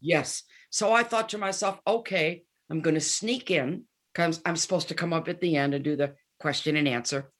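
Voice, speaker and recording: With a low voice, moderate pace and hardly any pauses, a guest musician in her seventies delivers candid tales in a laid-back interview, animatedly playing out the lines of the people she quotes.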